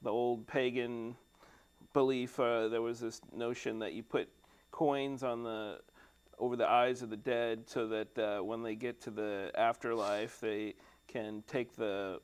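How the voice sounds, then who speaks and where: A man co-hosts a studio talk show and shares his take on a film in an easygoing way. His voice sits at an average pitch, and he laughs often as he talks. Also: level tone, unhurried, clean tone. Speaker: co-host of a movie discussion show. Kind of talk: casual chat about a film. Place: cable TV studio.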